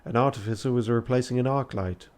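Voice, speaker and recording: A man's voice: mid-range voice, quick pace, darkish tone. Tired man reading a game aloud. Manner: tired, joking, swearing asides. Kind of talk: late-night charity stream, reading and commenting.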